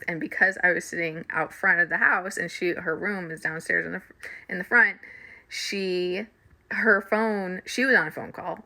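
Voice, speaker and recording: A middle-aged woman with a fairly low-pitched voice, a spiritual reader and coach, casually tells her viewers a story. She's animated and laughs often.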